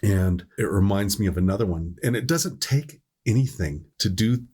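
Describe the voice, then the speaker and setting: A man's voice: on the low side, normal speed, a little mellow, husky. A middle-aged man on a medical podcast, telling a long story in casual chat, often stopping to correct himself. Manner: rambling, self-correcting storyteller. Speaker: podcast host, EMS worker.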